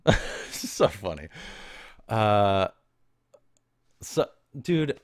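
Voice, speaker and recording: A man with a lowish voice hosts a casual podcast, drifting from story to story in slangy, unhurried talk. His pitch swings widely as he laughs at his own anecdotes, and the sound is dry and close. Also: expressive, no echo. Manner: loose, slangy and meandering, with many fillers. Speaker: podcast host. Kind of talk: casual rambling monologue.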